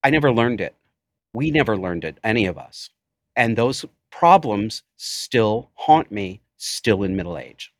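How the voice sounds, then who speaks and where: A man's voice: on the low side, very animated, a little slow, no echo, studio quality. A man in his forties, a podcast guest, speaking intensely and emotionally about his life. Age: 40s. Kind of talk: personal storytelling in interview.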